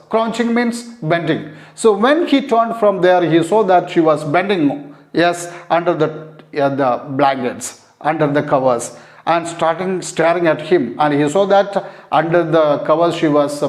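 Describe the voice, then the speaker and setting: A man teaching an English lesson, going through a story line by line. He glosses word meanings plainly and rephrases them, often saying "you see that" and pausing on "uh". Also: on the high side, darkish tone. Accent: Indian English. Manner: frequent "you see that" and hesitant "uh". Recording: echoey room.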